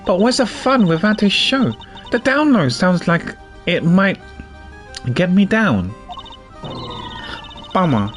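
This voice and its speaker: A man's voice: high voice, sing-song, slow pace, long pauses, a bit bright, faint music behind, exaggerated voice. A man voicing a bubbly, cutesy young woman animal tamer in a nasal, sing-song voice for game dialogue. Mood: perky.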